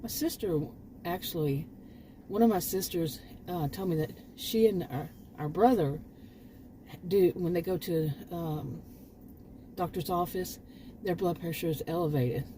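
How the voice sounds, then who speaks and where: A woman's voice: on the low side, measured pace, mellow, slight background noise, low-quality recording. An older woman vlogging in a casual, rambling monologue, often restarting her sentences and sounding frankly exasperated.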